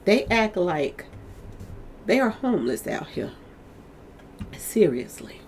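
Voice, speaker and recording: Speaking a little slowly in a mid-range voice, with some slight background noise, a woman hosts her own celebrity gossip commentary. Her tone is chatty and animated as she speaks directly to her audience, often as "y'all."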